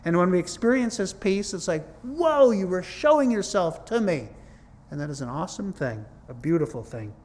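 A man's voice: a little high, a little fast, darkish tone. A middle-aged man preaching a sermon in a conversational, earnest way, mixing scripture with his own testimony. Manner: conversational, earnest, repeats "it's like, whoa".

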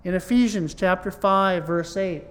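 Male pastor, slightly higher voice, casual yet emphatic sermon delivery. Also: a little slow, a bit bright. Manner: conversational, emphatic, rises in pitch to stress points. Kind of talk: sermon teaching.

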